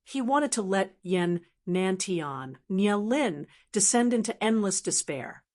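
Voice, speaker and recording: A woman narrating a translated fantasy novel as an audiobook in a steady reading voice. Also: mid-range voice, slow. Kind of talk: scripted narration.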